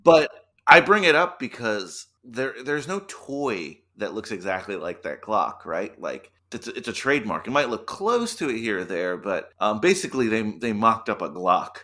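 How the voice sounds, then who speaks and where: A man's voice: on the low side, big pitch swings, moderate pace, hardly any pauses, sharp tone. A man co-hosting a podcast in casual chat, making wry, chatty asides. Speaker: podcast co-host.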